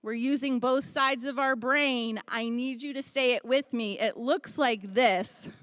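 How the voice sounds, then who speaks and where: A woman's voice: a little high, measured pace, fairly bright tone, no echo, clean studio sound. A woman leading a group exercise class from a stage, upbeat and coaching as she counts out the moves into a handheld mic. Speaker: boxing fitness instructor. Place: expo hall stage, behind a podium. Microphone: handheld microphone.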